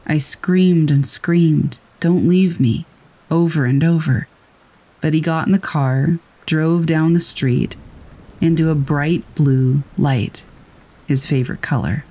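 A man reading scary first-person stories aloud in a calm, steady storytelling voice. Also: on the high side, takes it slowly. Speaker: narrator. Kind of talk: scripted narration of scary stories. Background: rain.

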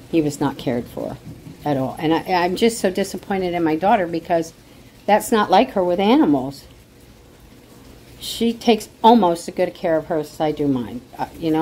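Low-voiced emotional woman vlogging at home. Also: dark tone, a little hiss or hum, low-quality recording. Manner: rambling, emotional and indignant. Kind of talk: casual chat to camera.

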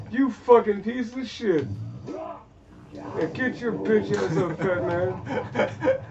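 A man cursing and reacting loudly while playing a video game. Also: high voice, slow pace, pauses often, dull audio. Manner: swearing, frustrated outbursts. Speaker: gamer. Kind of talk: gameplay commentary.

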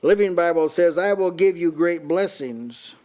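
A man's voice: a little high, expressive, unhurried, mellow. Older man preaching a house-church sermon. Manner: repeats words as he restarts, reads and compares many translations. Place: small house church meeting.

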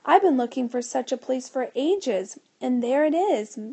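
A stern grown-up scientist explains things in a patient lecturing way, as a woman reads him aloud. The voice is mellow and dark with a gravelly edge, fairly high for a man. It is a storybook reading. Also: expressive, measured pace, exaggerated voice.

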